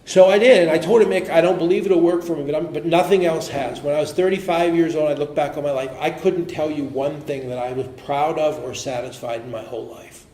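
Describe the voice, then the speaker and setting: Earnest man telling his story in an echoey hall. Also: fairly high pitch. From Pittsburgh area. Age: middle-aged. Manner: earnest and animated, quick to laugh, trailing off to a murmur. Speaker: AA speaker. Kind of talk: personal recovery story told to a meeting. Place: meeting hall.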